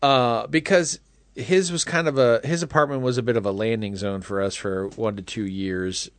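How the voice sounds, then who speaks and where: A man's voice: medium pitch, fairly even intonation, moderate pace, no echo. A man in his forties co-hosting a casual movie chat podcast, wry and conversational. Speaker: podcast co-host.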